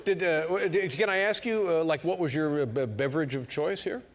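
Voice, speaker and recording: A fairly high male host's voice from a middle-aged man on a talk show set. He stumbles and restarts his way through his questions. The studio around him is noisy. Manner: halting questions full of restarts. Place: television studio.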